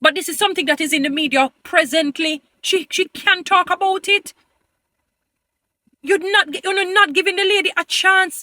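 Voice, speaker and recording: A woman's voice: sits high, moderate pace, pushed and bright, no echo. A woman giving an emphatic, pleading opinion commentary to her viewers, often turning preachy. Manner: addresses viewers as "beautiful people". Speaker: vlogger.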